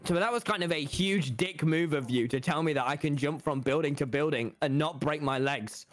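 A young man on a gaming stream, loud and incredulous, swearing often. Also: on the high side, normal speed, faint music behind. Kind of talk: casual gaming stream chat.

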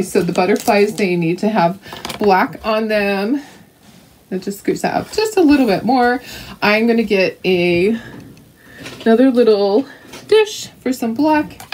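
A woman's voice: medium pitch, darkish tone. Brief: older woman craft host, friendly running chatter as she paints, laughs a lot, faint background noise. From Canada. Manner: chatty, laughs often, talks to viewers. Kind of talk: casual chat while painting crafts.

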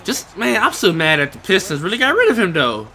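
A young man giving live commentary over his own basketball video game, reacting loudly to each play and talking to the players and his viewers. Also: a little high, huge pitch swings, fast talker, soft background music. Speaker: gaming YouTuber.

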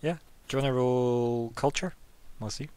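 Male GM, mid voice, relaxed casual narration. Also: medium pitch, moderate pace, clear, resonant tone. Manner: casual, filler-heavy narration. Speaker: game master. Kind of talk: narrating a tabletop game.

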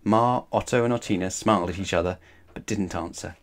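Guy reading a kids bedtime story, calm and steady, lowish voice. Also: brisk. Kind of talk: children's bedtime story read-aloud.

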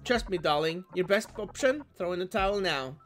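A smug casino robot sneers at its opponents in slow, drawn-out taunts, as a man voices it. The tone is high and cool, with faint game music underneath. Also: expressive, fairly bright tone. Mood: taunting. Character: smug gambling robot, coolly condescending.

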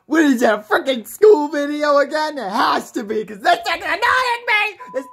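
A woman voicing an irritable dad who yells and throws insults, in an amateur comedy video. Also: high voice, normal speed. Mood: annoyed. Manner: short-tempered, yelling insults. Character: irritable, shouting dad of a kid.

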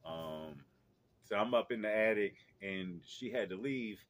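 Middle-aged man, lowish voice, casual storytelling, rambling, lots of fillers and restarts, outdoors. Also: unhurried. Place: outdoors in a yard.

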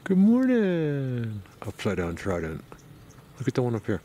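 A man vlogging outdoors on a mountain road, rambling excitedly to his viewers from a helmet camera. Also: sits low, fairly quick, slightly rough. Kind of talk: casual outdoor vlog.

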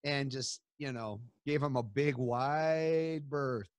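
A man's voice: mid-range voice, takes it slowly, dry recording. A man hosting a casual interview chat, jokey and laughing along with his guest. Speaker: host.

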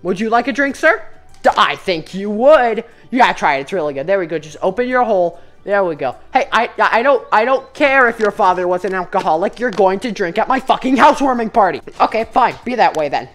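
A woman's voice: mid-range voice, expressive, a little fast, soft background music. A woman giving comedic, profane commentary while playing a VR game and chatting with its characters. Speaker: gamer.

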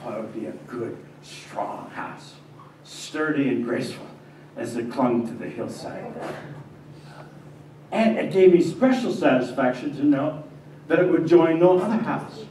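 A pastor playing an earnest young carpenter. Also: male voice, mid-range voice, expressive, a little slow, lightly acted. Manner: stammering, heartfelt storytelling, swinging from hushed to agitated. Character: earnest young male carpenter, devout and shaken. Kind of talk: first-person dramatic monologue in a church. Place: church sanctuary. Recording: echoey church from a distance, faint hiss.

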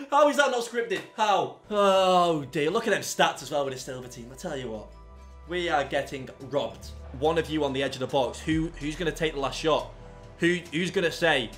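A young man commentating his own football video game, swinging from low muttering to loud yelling. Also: a little fast, faint music behind. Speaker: gaming YouTuber. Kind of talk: live gameplay commentary.

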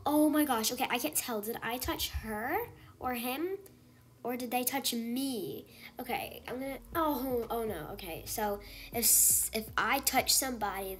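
A woman giving casual gameplay commentary in an excitable way, gasping and exclaiming often. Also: fairly high pitch, measured pace, faint music behind. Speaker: gaming channel host.

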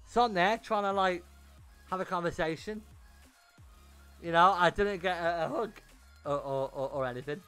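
A young man tells a story on a gaming livestream in a high, bright, sharp voice. He is animated and swears freely, stumbling over repeated words. Faint music plays underneath. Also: moderate pace, long pauses, clear, resonant tone. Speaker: gaming streamer.

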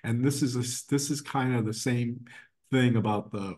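A middle-aged man talks casually as an interview guest, his voice sitting at an ordinary medium pitch. He rambles, circling back with fillers and restarts as he thinks aloud. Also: steady tone, normal speed, a little mellow. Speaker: guest, designer and art professor. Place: his art gallery.

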